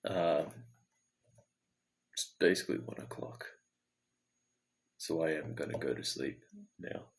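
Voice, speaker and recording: A man with a deep, low voice records a late-night video diary. He sounds tired and talks in an earnest, searching way, thinking aloud to himself. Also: slow pace, long pauses, fairly bright tone. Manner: earnest, introspective self-talk. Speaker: vlogger.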